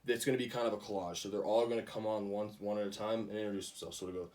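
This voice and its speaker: A man's voice: on the low side, fairly even intonation, rapid-fire, few pauses, a little mellow, far from the mic. Young man presenting, a bit off-mic. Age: young adult. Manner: casual, many ums, restarts. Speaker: student presenter. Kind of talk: class project presentation.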